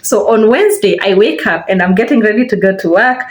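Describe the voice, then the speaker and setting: Young woman, Kenyan accent, casual storytime chat, lively retelling, phone camera. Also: medium pitch, brisk, echoey room, a little hiss or hum. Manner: chatty, animated, acts out quoted lines with laughter. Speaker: vlogger. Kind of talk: casual storytime while doing her hair.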